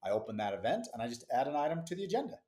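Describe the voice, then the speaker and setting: Brief: middle-aged man, podcast guest, lively storyteller, mid-pitched and chatty, quick asides, laughs easily. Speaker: business founder, podcast guest. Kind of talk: casual interview storytelling.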